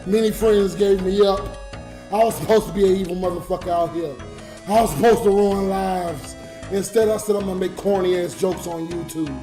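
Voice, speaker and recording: Music plays behind a roomy recording of a drunk man rambling emotionally on a late-night livestream, stopping his rants to read donations. His high-pitched voice keeps a fairly even intonation at a normal speed.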